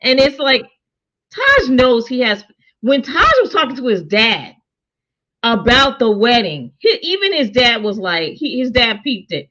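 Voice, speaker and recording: A woman's voice: on the high side, moderate pace. A woman co-hosting a casual TV review chat, talking things through and quoting characters as she goes. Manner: conversational, animated, quotes characters in her own voice. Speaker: show co-host reviewing a TV series. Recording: dull lo-fi sound.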